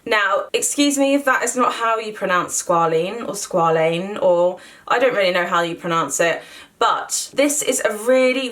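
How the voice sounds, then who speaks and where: Young woman, beauty vlogger, chatty and enthusiastic, slightly high voice. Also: fairly bright tone. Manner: chatty, enthusiastic, filler-heavy. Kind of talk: casual skincare review to camera.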